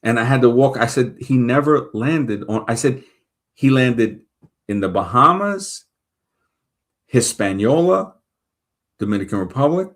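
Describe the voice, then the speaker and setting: A man's voice: mid-range voice, expressive, a little slow, pauses often. A man from Brooklyn, hosting a show and talking casually, rambling and thinking aloud as he checks facts mid-sentence. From Brooklyn, New York. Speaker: show host. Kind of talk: casual monologue.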